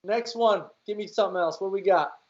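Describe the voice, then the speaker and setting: A man's voice: high voice, brisk, darkish tone. Easygoing male talk show host. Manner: easygoing, reads out viewer letters. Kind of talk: casual panel chat. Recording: dull lo-fi audio.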